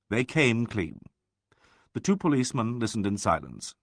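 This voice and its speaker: A man narrating a mystery audiobook in an expressive, animated reading. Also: fairly low pitch, moderate pace, vocal fry, no echo, studio quality.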